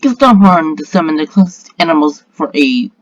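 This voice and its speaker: A man voicing a kindly old king who speaks low, gentle and measured. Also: expressive, dry recording, highs cut off, lightly acted.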